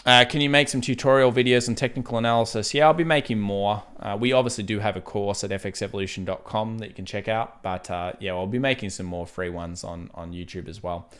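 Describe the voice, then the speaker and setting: A relaxed young Australian man hosts a live market stream, talking in a casual, chatty way and laughing easily. His voice sits a little on the low side, and his Australian accent is plain to hear. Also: fast, hardly any pauses, clear, resonant tone. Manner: chatty, laid-back, laughs easily while reading chat. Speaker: trading livestream host.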